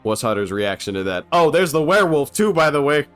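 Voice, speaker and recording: A man's voice: a little high, sing-song, brisk, fairly bright tone, smooth, faint music behind. A young man riffing comedically over an old film, loose and irreverent. He swears freely and laughs at his own jokes in a casual, unscripted way. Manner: irreverent, profane, laughing often. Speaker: film commentator.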